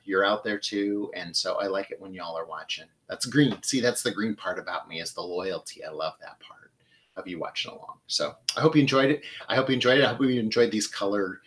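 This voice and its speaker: An American man hosting a flower-arranging show, chatting warmly and gushing as he talks straight to his viewers. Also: lowish voice. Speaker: floral designer and show host.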